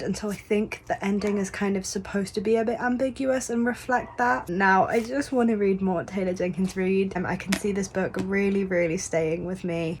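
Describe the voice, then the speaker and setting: Woman vlogger, mid-pitched, casual and effusive, book chat. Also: a little mellow, slight background noise. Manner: gushing, chatty, repeats words for emphasis. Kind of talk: casual reading vlog.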